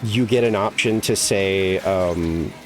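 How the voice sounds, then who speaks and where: While gaming on stream, a man chats slowly in a low voice as music plays behind him. He rambles casually, saying "like" a lot and swearing now and then.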